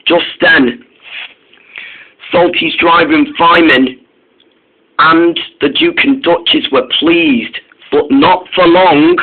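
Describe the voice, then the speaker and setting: A man's voice: a little high, steady tone, slow pace, pauses often. Male storyteller, informal and eager, tinny phone-like sound. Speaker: narrator. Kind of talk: reading a toy-train story.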